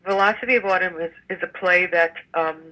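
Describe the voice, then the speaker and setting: A woman's voice: fairly low pitch, brisk, bright, forceful tone, poor audio. An older woman, a stage actress, chatting in an interview with many fillers and restarts. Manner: chatty, rambling with frequent fillers. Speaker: musical theater actress, guest. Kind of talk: casual interview chat.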